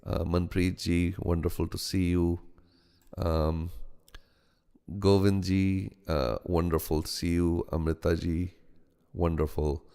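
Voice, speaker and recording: A man's voice: sits low, little pitch movement, smooth, in a large hall. A man with a mixed American and Indian accent hosting a live meditation stream. He greets viewers one by one and halts often with ums and restarts. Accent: American-Indian mix. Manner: halting, frequent ums and restarts, greets each viewer warmly by name. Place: home studio.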